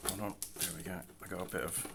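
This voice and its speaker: Man, middle-aged, deep voice, gravelly, relaxed rambling show-and-tell. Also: fast talker, noisy background. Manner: relaxed, rambling, self-deprecating asides. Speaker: artist showing his work. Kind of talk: casual show-and-tell narration. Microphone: camera mic, handling artwork.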